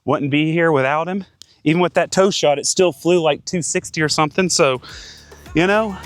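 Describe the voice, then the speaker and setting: A man's voice: on the high side, normal speed, no echo. Guy in his 30s talking himself through a golf round outside, gets hyped and chatty, dry close sound, light music under it. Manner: excitable, talks to himself between shots. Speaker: golf vlogger. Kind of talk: casual play-by-play on the course. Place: outdoors on a golf course.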